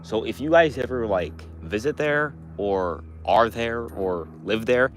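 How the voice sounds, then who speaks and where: A man's voice: medium pitch, lively intonation, measured pace, a little hiss or hum. A teenage boy from Montana chatting casually with his livestream viewers, rambling through restarts and fillers. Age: teens. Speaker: livestream host answering chat.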